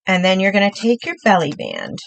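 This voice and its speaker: A woman's voice: mid-range voice, wildly swooping pitch, brisk, vocal fry, slight background noise, rough recording. A middle-aged woman hosting a live crafting demo, chatty and upbeat, talking through each step while she works.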